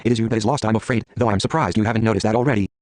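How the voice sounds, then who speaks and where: A man's voice: lowish voice, steady tone, racing, a little mellow, no room sound, close to an everyday voice. A man voicing a proud, stern female tree spirit who scolds in a haughty way.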